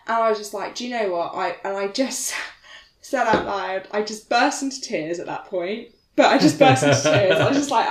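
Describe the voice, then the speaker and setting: Animated woman telling a ghost story. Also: medium pitch, a little fast. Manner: animated, laughing, acts out quotes. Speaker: podcast co-host. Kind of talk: casual storytelling chat. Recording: echoey room.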